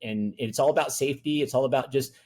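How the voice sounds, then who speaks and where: A man's voice: medium pitch, fast, mellow. A man speaking as a guest in an interview, telling stories in a rambling way with many fillers. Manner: rambling, filler-heavy storytelling. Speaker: talent producer and voice actor guest. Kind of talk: conversational interview.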